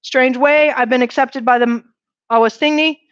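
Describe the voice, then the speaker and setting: A woman with a high voice lectures a university class at a normal speed, lively and frequently asking "right?" and putting questions to her students. The classroom recording is dull and dry, with no echo.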